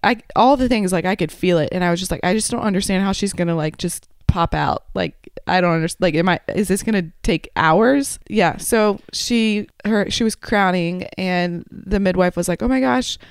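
A woman's voice: lowish voice, moderate pace, few pauses, clean tone, dry recording, studio quality. A woman recalling the birth of her baby in a casual chat, matter-of-fact and correcting her partner. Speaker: new mother recalling her labour.

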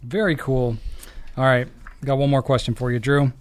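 A man's voice: mid-range voice, steady tone, moderate pace, clear, resonant tone. A man co-hosting a podcast, chatting in an easygoing way full of likes and ums. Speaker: podcast co-host. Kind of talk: casual chat.

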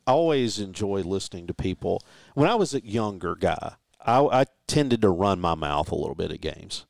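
Casting: low-voiced male co-host, anecdotal, easy laugh, dry studio sound. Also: animated, moderate pace, vocal fry, dry recording. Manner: storytelling, self-correcting, laughs easily. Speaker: sports talk co-host. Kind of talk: casual sports chat.

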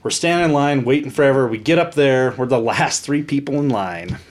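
A man's voice: medium pitch, fairly quick, slight background noise. A man co-hosting a podcast, telling a funny anecdote and acting out the people in it. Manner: animated anecdote teller, acts out voices. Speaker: podcast co-host. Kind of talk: casual storytelling.

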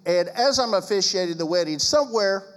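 A man's voice: high voice, lively intonation, a little fast, big-room sound. A man who is a pastor, speaking about marriage in a preaching style with emphatic, sarcastic asides.

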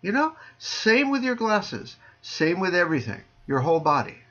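A man who teaches Zen, chatting casually on a podcast over a video call, joking dryly and dropping his voice low on punchlines. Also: sing-song, normal speed, a bit bright, highs cut off. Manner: dry joking, playful sing-song delivery, drops low on punchlines. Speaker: Zen teacher answering listener questions.

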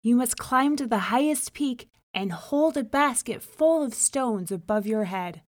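A woman voicing a solemn male fish spirit in a storybook reading, speaking in slow, grave pronouncements. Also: a little high, lively intonation, no room sound, clean studio sound. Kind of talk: storybook narration.

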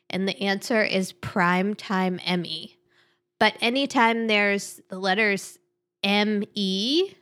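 A woman hosts a casual chat at an unhurried pace. Her voice sits in the middle range, and she is easygoing, with frequent giggles between her thoughts. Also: mid-range voice, fairly bright tone. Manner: giggly, easygoing, laughs often. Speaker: podcast host. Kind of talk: casual chat about crossword puzzles.

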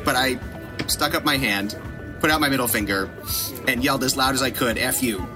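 A middle-aged man, a podcast guest telling an animated, self-deprecating story and laughing at himself. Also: medium pitch, brisk, music in the background. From United States.

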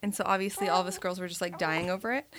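A young woman co-hosting a podcast, upbeat and quick to laugh in casual chat. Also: lowish voice, steady tone, crowd noise. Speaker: podcast co-host.

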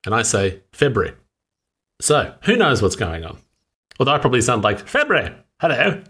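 A man's voice: on the low side, animated, a little fast, a bit bright, slightly rough. A man with an Australian accent co-hosting a casual podcast chat, with a dry, clipped delivery.

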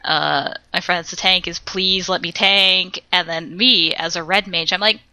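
A woman co-hosting a casual podcast, talking in a bright, forward tone. She rambles through a story, laughs easily and swears when she acts out what she said. The sound is close and dry. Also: fairly low pitch, normal speed, no echo. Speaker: podcast co-host. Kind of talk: casual chat.

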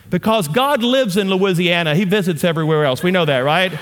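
A man preaching a sermon and telling a story, moving between loud, animated bursts and hushed asides. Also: high-pitched, fast talker, hardly any pauses, in a large hall. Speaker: pastor.

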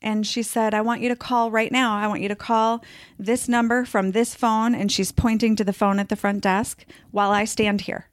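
A woman's voice: a little high, level tone, moderate pace, dry recording, clean studio sound. A woman telling her personal story in a casual podcast interview, chatty and full of fillers, sometimes acting out what others said. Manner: chatty, many fillers, acts out quoted voices.

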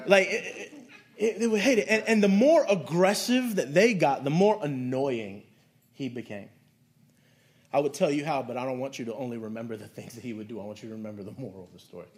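A pastor preaching to his congregation, his voice sitting high for a man. He delivers the sermon conversationally, weaving stories into it. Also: lively intonation, fairly quick. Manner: conversational preaching with storytelling asides.

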